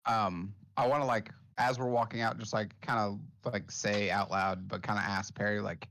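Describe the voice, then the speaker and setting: A man's voice: lowish voice, little pitch movement, normal speed, creaky, hardly any pauses, a bit bright. A man playing a tabletop game, talking in a meandering way full of fillers. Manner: meandering, lots of likes. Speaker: player. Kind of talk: casual chat at a tabletop game.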